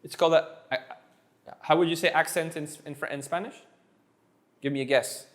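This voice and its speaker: Animated high-voiced man teaching Spanish. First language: French. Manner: animated, quick, with playful asides and repeated words. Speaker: Spanish tutor. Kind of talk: energetic one-on-one language lesson.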